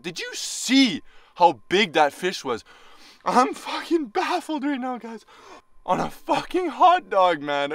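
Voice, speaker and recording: Excitable young man in an ice shelter. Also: high voice, no room sound. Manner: excited swearing, shouting exclamations. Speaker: fishing vlogger. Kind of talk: casual vlog narration while ice fishing. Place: small flip-up ice fishing shelter.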